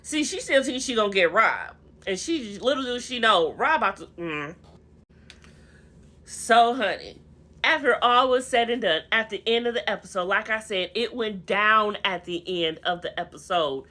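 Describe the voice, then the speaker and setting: A woman's voice: medium pitch, expressive, normal speed, bright, forceful tone. A young woman recapping a reality TV episode in a chatty, slangy, gossipy way, calling her viewers honey and y'all.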